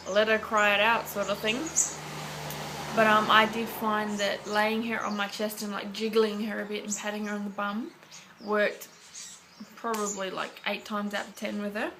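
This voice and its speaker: A woman's voice: mid-range voice, level tone, measured pace, background noise. An Australian woman chatting casually to camera as a parenting vlogger, rambling along with lots of fillers.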